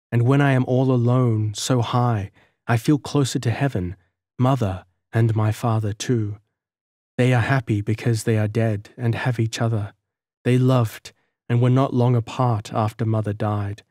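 In a lightly acted audiobook reading, a man raises his voice slightly to portray a gentle young village girl from a storybook who is shunned and sorrowful. Her soft, earnest, wistful lines come at a normal speed, with middling pitch and fairly even intonation. The recording is dry and close, with no room sound.

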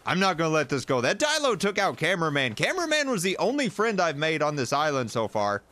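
A man giving jokey, animated commentary while playing a survival game and talking to the creatures in it. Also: fairly high pitch, quick pace. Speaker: gaming YouTuber. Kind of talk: playthrough commentary.

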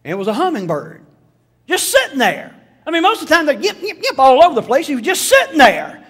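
A high-pitched middle-aged man delivers a sermon. He tells homespun stories and cracks jokes along the way. His voice carries a long reverb, as if filling a church sanctuary. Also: wildly swooping pitch, a little fast, fairly bright tone. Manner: folksy storytelling with jokes and voiced asides. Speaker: pastor.

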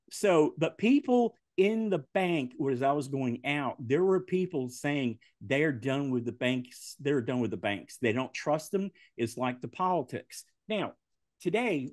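A man's voice: medium pitch, no echo, studio quality. A man, a podcast guest telling stories in casual chat and laughing often. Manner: animated, laughing often through his stories.

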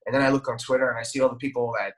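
A young man talks as a guest on a casual podcast, circling his point and restarting his sentences often. He swears freely and casually. His voice sits at a middle pitch. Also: fairly even intonation, very fast, fairly bright tone.

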